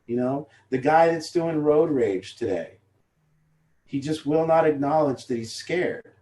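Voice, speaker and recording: This support group leader has a fairly high, mellow voice with lively intonation, speaking a little slowly. His casual talk to the group is honest, wandering, and sprinkled with swearing, recorded with roomy echo.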